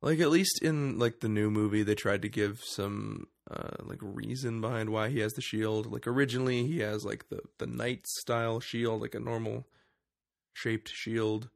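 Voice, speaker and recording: Gravelly-voiced man retelling a movie plot. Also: fairly low pitch. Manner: animated retelling with quick put-on quotes. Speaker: podcast co-host. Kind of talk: casual movie review chat.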